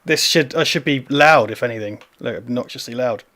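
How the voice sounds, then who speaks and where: A man with an ordinary mid-range voice talks into a USB desk mic at home. He chats casually, swears freely, and laughs often. His talk is loose and animated. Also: mid-range voice, brisk. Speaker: co-host of a film watch-party stream. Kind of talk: casual chat.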